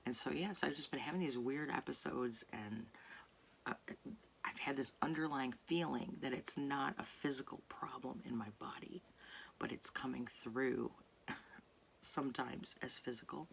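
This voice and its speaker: A woman talking casually to camera late at night in a soft voice that often drops to a near whisper, rambling and searching for words. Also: rumbling low, creaky, slight background noise. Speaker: artist vlogger. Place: home at night.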